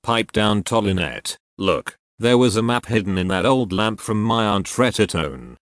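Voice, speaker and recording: A man voicing a fussy, excitable woman who solves village mysteries, with dramatic exclamations. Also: lowish voice, unhurried, dry recording, studio quality.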